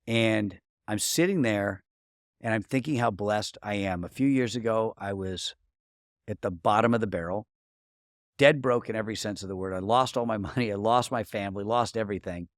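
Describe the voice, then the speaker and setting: A man's voice: fairly low pitch, normal speed, no echo, studio quality. A middle-aged man as a podcast guest, telling personal stories in an earnest, casual way with many restarts. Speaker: podcast guest, marketing coach. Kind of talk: casual interview talk.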